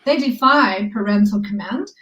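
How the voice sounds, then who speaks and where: A woman researcher answering interview questions thoughtfully, pausing and restarting often, with light laughs. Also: mid-range voice, animated, fairly bright tone, highs cut off. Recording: echoey room, a bit distant from the mic.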